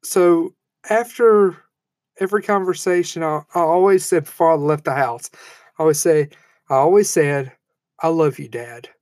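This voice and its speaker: A man in his thirties giving a heartfelt eulogy, halting and emotional, with frequent fillers and restarts. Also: fairly high pitch, darkish tone, no echo. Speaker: eulogy speaker. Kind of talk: personal eulogy speech.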